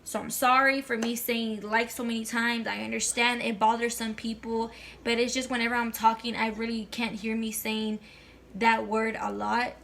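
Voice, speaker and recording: Creaky-voiced young woman telling a story. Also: on the high side, level tone, moderate pace, fairly bright tone, a little hiss or hum. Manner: chatty, profane, slangy. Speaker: vlogger. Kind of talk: casual storytime vlog.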